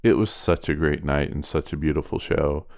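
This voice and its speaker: A man co-hosting a podcast, friendly and relaxed, giving a casual intro and chat. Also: rumbling low, moderate pace, gravelly, no room sound, clean studio sound. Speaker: podcast co-host.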